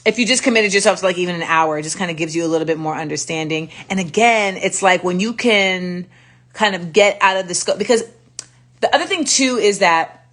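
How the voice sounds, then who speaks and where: A woman hosting a casual livestream chat, telling stories in an animated way and acting out the exchanges with blunt profanity. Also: lowish voice, fairly quick. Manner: animated storytelling, acts out quoted exchanges with profanity. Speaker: livestream host. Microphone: phone livestream.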